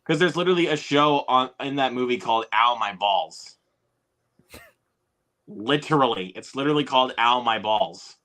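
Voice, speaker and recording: Bright-voiced young man chatting casually. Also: medium pitch, moderate pace. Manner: rambling, laid-back, many fillers. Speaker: streamer host. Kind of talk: casual chat.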